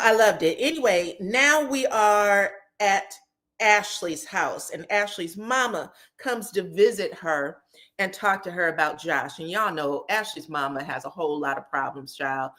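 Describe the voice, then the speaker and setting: A woman's voice: medium pitch, fairly bright tone. A woman recapping a reality show in casual, slangy commentary, punctuating her points with emphatic tags and frequent laughter. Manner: slangy, emphatic, tags lines with "okay?" and "child"; laughs often while telling.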